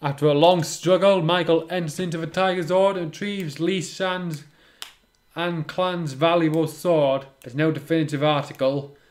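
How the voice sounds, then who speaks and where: A man reads a fan story at a moderate pace, his pitch fairly high and his tone steady. As both narrator and commentator, he interrupts the text with wry, sarcastic remarks about the writing.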